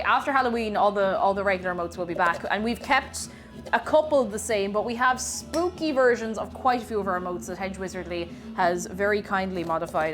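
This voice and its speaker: A woman streamer in casual live-stream chat, greeting viewers by name and playfully repeating phrases while she works in her home kitchen. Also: mid-range voice.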